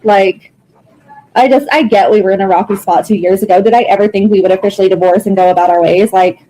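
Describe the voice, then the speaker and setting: A woman's voice: mid-range voice, steady tone, quick pace, warm tone, rough recording. A distraught woman talking casually in a private conversation, emotional and swearing, with exclamations. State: upset and distraught. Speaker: widow in a recorded private call.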